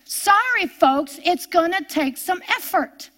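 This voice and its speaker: An older woman preaching a sermon, emphatic and repetitive, rising loud and dropping to a hush. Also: very high voice, animated, slow pace. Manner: emphatic, repeats phrases, swings between loud and hushed.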